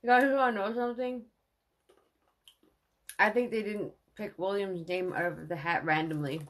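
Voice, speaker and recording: A woman in her thirties chatting on her livestream at home. She rambles and swears freely, and her talk is full of fillers. Her voice sits at a middling pitch. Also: fairly even intonation, normal speed. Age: 30s. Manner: rambling and profane, with many fillers. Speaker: livestream host. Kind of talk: casual livestream chat.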